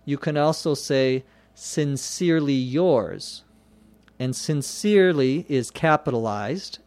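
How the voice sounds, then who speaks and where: A man teaching English vocabulary, explaining words slowly and spelling them out letter by letter. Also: a little high, expressive, darkish tone, dry recording. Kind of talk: slow explanatory lesson.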